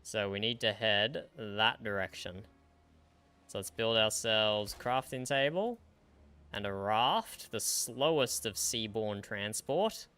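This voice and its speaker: Guy streaming a game at his desk, kinda low voice, bright and crisp, dry and chuckly. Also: animated, slow pace. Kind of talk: casual gaming livestream chat.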